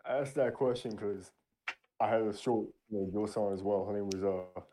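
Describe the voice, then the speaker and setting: Man, podcast co-host, rapid talk, mellow tone, some hesitation. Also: on the low side, a little hiss or hum. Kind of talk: casual chat.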